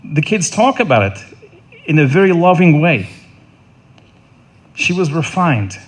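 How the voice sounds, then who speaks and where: A middle-aged man delivering a funeral eulogy in an earnest, halting way, often repeating words and restarting. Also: fairly high pitch, very animated. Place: funeral service.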